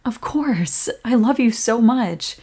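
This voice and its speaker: A young woman in a whispered role-play as a comforting girlfriend, speaking softly and protectively. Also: fairly high pitch, animated, takes it slowly. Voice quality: breathy.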